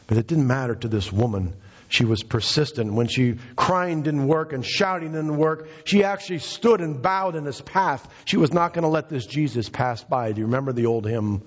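Husky-voiced man preaching in a church. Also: animated, normal speed, big-room sound, dull audio. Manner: impassioned preaching, rising in pitch for emphasis. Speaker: pastor. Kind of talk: sermon. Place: church sanctuary.

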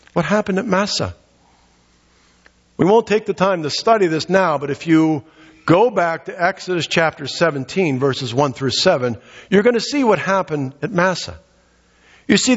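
A man's voice: on the high side, slightly rough. A man preaching a sermon in a conversational way, asking rhetorical questions and voicing the people he quotes. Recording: dull lo-fi recording in a reverberant hall.

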